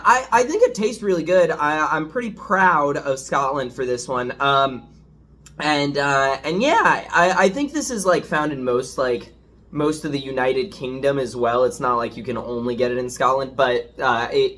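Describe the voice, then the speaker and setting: A man's voice: medium pitch, animated, unhurried, fairly bright tone. A man chatting casually as a food reviewer, rambling and hesitant, self-deprecating as he hunts for words, with a dishwasher running in the background. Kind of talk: casual home review vlog.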